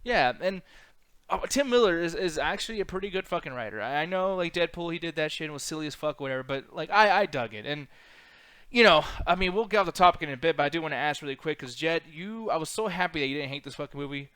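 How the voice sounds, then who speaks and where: A man's voice: a little high, animated, a bit bright, clear, resonant tone, no echo. A man hosting a casual podcast chat, rambling and swearing freely. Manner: rambling, profane, fast-talking. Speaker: podcast host.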